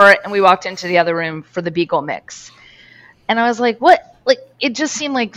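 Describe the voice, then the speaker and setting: A woman who works as a dog behavior professional, chatting casually on a podcast and telling stories with lively acted-out quotes. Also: fairly high pitch, moderate pace. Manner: animated storytelling with acted-out quotes. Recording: muffled lo-fi audio.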